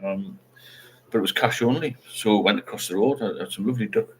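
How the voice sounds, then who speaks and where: A man's voice: on the low side, a little fast, slight background noise. A middle-aged man, hosting a casual livestream chat and rambling while he reads out viewer comments. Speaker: livestream host.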